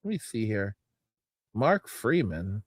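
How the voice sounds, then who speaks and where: A man hosting a casual livestream, reading chat comments and reacting, cursing and repeating himself, with frequent throat clearing. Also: fairly low pitch, big pitch swings, slow, dry recording.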